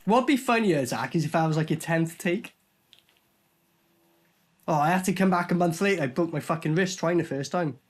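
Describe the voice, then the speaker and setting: A man's voice: on the high side, lively intonation, normal speed, pauses often. A young man giving sweary, mocking casual commentary while reviewing a film. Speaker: movie reviewer.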